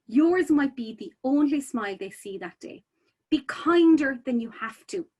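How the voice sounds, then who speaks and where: A woman's voice: high voice, animated, unhurried, darkish tone. A woman presenting a childcare webinar in a chatty, informal way, full of "you know" fillers and restarts.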